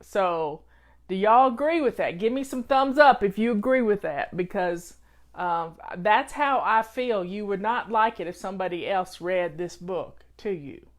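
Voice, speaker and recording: A woman's voice: mid-range voice, expressive, measured pace. A woman with a Southern accent, hosting a live stream and giving folksy, motherly advice in casual chat. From Southern United States. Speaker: host of a home-organizing live show.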